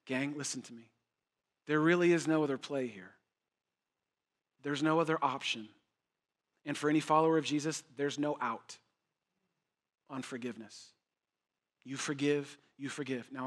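A man's voice: fairly high pitch, moderate pace, pauses often. A man preaching a sermon as pastor, emphatic and conversational, repeating phrases for effect and joking with his listeners.

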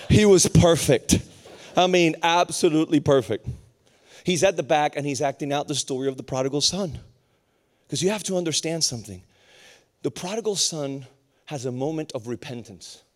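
A young adult male preacher tells a story from the pulpit, animated and full of acted voices. His voice sits high for a man and swings between quick bursts and hushed moments. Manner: animated, acts out voices of others. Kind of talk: storytelling sermon.

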